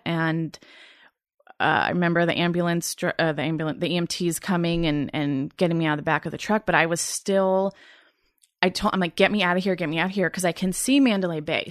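A woman in her thirties, an interview guest giving a personal account in a halting, earnest way, with frequent pauses, fillers and restarts. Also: fairly low pitch, no room sound, studio quality. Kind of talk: personal testimony in a sit-down interview.

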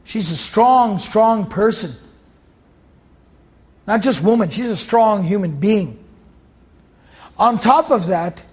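A man. He explains Arabic words slowly and repeats each key phrase for his listeners. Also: high-pitched. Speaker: Quran teacher. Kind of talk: Quran commentary lecture.

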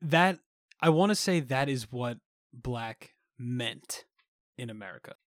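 A man of Caribbean background co-hosting a podcast, telling stories in an animated way and acting out what people said. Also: medium pitch, takes it slowly, no room sound, studio quality. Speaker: podcast co-host. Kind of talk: casual podcast storytelling.

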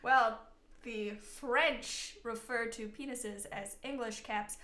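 Young woman joking through history on a podcast, bright tense voice, echoey room. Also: fairly high pitch, fairly even intonation, takes it slowly. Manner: jokey, acts out historical figures in silly voices. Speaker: podcast co-host. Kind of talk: casual comedic history chat.

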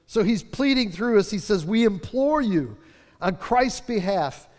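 Male pastor, high-pitched, fervent preacher drawing out key words, long church-hall reverb. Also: animated, a little mellow. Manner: fervent, preacherly, drawn-out emphatic phrases. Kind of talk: sermon.

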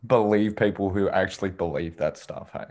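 A man co-hosting a podcast in casual chat, blunt and quick to interject. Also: low-pitched, a little mellow. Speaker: podcast co-host.

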